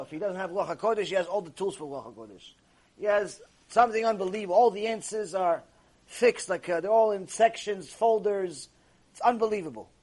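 A man giving a Torah ethics lecture as a rabbi, emphatic and argumentative, firing off rhetorical questions. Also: high-pitched.

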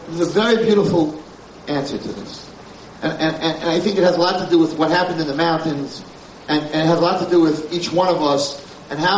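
High-voiced rabbi lecturing in a roomy hall. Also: male voice. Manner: emphatic, repeats phrases, mixes Hebrew terms into speech. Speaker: rabbi giving a Torah class. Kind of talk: informal Torah lecture. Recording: roomy, distant, faint background noise.

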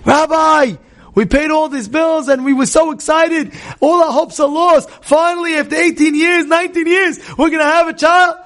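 A man's voice: extremely high pitch, steady tone, normal speed, a bit bright, pitched above the performer's own voice. A man doing a distraught pleading wife. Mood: desperate. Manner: pleading, rising and urgent.

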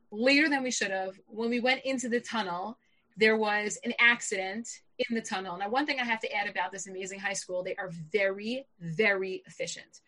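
Bright-voiced woman telling a lively story. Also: rough recording. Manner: animated, jumps high when quoting herself. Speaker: public speaker. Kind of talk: personal storytelling.

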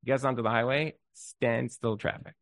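A man giving an inspirational talk, telling a story in an animated way and often restarting his words. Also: medium pitch, moderate pace, no room sound.

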